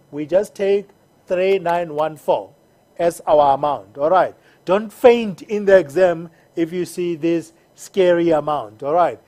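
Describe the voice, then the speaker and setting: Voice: medium pitch, mellow. An accounting teacher giving a recorded lesson, patiently repeating each step and checking in with the learners. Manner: patient, repeats steps and checks in with "all right?".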